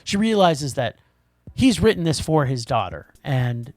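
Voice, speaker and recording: A man co-hosting a podcast, chatting casually about films, animated and tripping over his words. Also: mid-range voice, no echo, studio quality. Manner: animated, quick, trips over words, restarts. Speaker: podcast co-host. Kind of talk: casual movie review chat.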